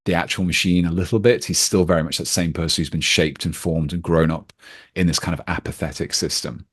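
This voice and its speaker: Very low-voiced man, rambling. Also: steady tone, fairly quick, fairly bright tone, breathy edge. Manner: rambling, many fillers and restarts. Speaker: podcast guest. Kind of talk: casual film discussion.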